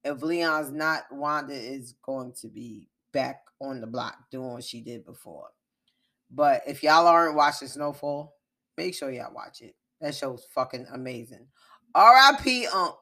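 A woman podcast host recapping a TV episode in casual chat, animated, emphatic and profane. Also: very deep voice, a little slow.

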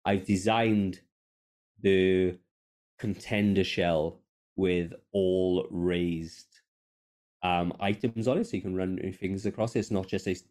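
A man co-hosts a podcast, telling stories in a casual chat, swearing freely, and mocking himself with animated energy. His voice is low and a little slow, recorded on a podcast microphone.

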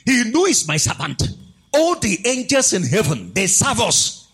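Husky, animated male preacher. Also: high-pitched, unhurried. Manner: animated, emphatic, repeats lines for stress. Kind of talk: sermon.

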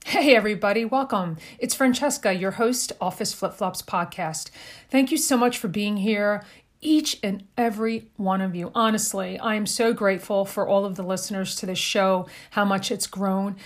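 A woman's voice: medium pitch, normal speed. A woman hosting a podcast, enthusiastic and effusive as she introduces a guest and asks questions. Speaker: podcast host. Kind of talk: upbeat podcast interview.

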